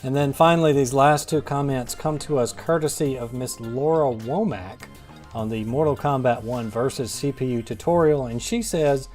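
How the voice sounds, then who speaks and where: A man's voice: medium pitch, normal speed, darkish tone, faint music behind. A man hosting a gaming channel, reading viewer comments in a wry, rambling, self-deprecating way. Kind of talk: casual gameplay commentary.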